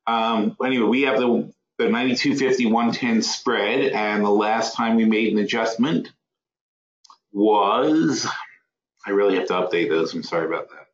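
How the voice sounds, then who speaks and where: A lower-pitched man hosts an online trading webinar and rambles through it, muttering at his screen and correcting himself mid-sentence. The sound is roomy and a bit dull, like lo-fi webinar audio. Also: moderate pace. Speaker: webinar host. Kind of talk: live trading webinar, thinking aloud.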